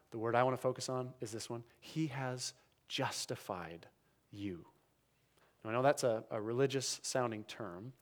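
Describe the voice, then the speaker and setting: A man preaching a sermon as pastor, earnest and dynamic, often dropping to soft, emphatic lows.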